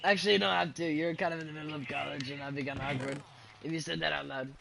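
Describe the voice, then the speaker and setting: A man's voice: on the high side, steady tone, very fast, creaky, bright, forceful tone, a little hiss or hum, rough recording. A man doing an impression of a brash, boastful famous politician while commentating a game. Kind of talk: gameplay commentary in a put-on voice.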